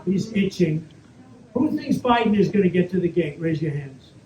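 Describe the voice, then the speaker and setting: At normal speed and in an animated, high-pitched voice, a male politician responds to audience questions in a private club's event hall. His improvised answers wander, repeat and boast, peppered with asides. The live recording sounds dull and echoey, with faint noise underneath.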